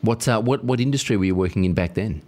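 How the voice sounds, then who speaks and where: A man's voice: lowish voice, quick pace, darkish tone, a little hiss or hum. A man hosting a podcast, chatting easily with a guest and often restarting with fillers. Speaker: podcast host. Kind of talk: conversational podcast interview.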